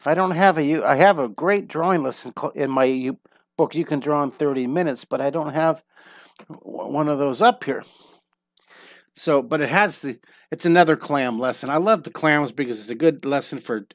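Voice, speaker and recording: A man's voice: a little high, dry recording, studio quality. A middle-aged man teaching a live online drawing lesson, upbeat and encouraging, thinking aloud with frequent restarts.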